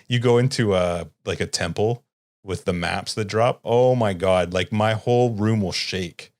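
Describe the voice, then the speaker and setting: A man co-hosting a gaming podcast in casual chat, laid-back and teasing, often trailing off quietly. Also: on the low side, unhurried. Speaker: podcast co-host.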